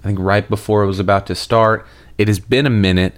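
A man hosting a comedic sports monologue, sarcastic and self-deprecating, with dramatic pauses. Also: fairly low pitch, fairly even intonation, dry recording. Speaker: podcast host.

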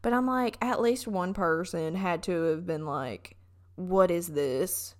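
A woman's voice: fairly low pitch, animated, a little slow. A young woman with a Southern US accent, chatting casually in a vlog and telling stories with lots of fillers.

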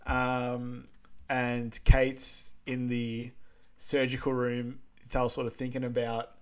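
Male podcast co-host, casual rambling recap, average pitch. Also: completely flat delivery, slow pace, clean tone. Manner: loose, chatty, lots of "like" and "um". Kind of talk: casual film recap chat.

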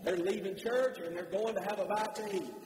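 High-voiced preacher in an echoing church. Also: male voice, fairly even intonation, a little fast, a little hiss or hum. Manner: impassioned preaching, rising to shouts, dropping to soft emphasis. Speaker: pastor. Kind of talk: sermon. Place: church sanctuary. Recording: roomy church hall reverb.

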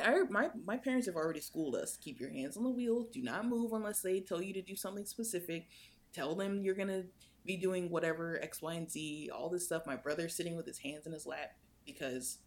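Young woman, podcast co-host, gravelly fry, lively storyteller. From United States. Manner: animated, swings in pitch while telling a story. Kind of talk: casual storytelling chat.

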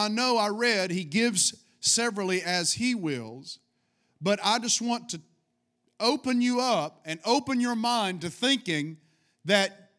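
High voiced middle aged guy preaching, fired up, asks the church for amens. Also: bright, forceful tone. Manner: fervent preaching with call-and-response. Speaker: pastor. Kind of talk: sermon.

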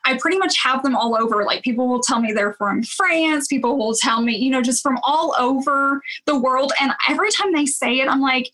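A woman's voice: high-pitched, fairly quick, few pauses, bright, forceful tone, poor audio. A woman with a Southern US accent, a cleaning video creator chatting earnestly in an interview and laughing often. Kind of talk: casual interview chat.

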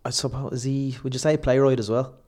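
Jokey Irish podcast host. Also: male voice, mid-range voice, steady tone, fast, a little mellow. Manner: rambling, jokey, laughs often. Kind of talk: casual chat.

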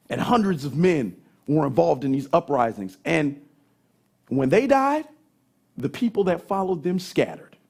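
A middle-aged male pastor, preaching a sermon and telling a story, his husky voice swinging from loud emphasis to soft asides. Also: mid-range voice.

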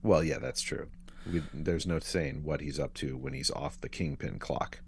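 A man's voice: rumbling low, fairly even intonation, normal speed, husky. A man co-hosting a podcast, adding dry wisecracks while recapping a movie. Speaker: podcast co-host. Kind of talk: casual movie recap chat.

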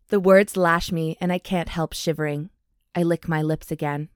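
Deep-voiced and recorded dry with studio quality, this podcast co-host keeps things casual while reading a steamy romance aloud. She lingers over the hot passages slowly and breathily, laughing a lot.

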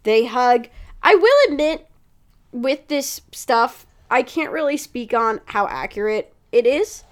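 Animated woman recapping a show. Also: on the high side, slow pace. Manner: animated, swears freely, acts out quotes. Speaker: podcast co-host. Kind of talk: casual chat recapping a TV episode.

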